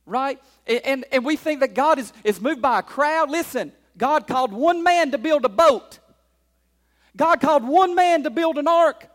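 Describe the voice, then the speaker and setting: A pastor preaching a sermon in a church, drawing call-and-response from the congregation and swinging between loud declarations and quiet asides. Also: male voice, very high-pitched, lively intonation, normal speed, in a large hall. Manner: call-and-response preaching, frequent "right?" and "amen?".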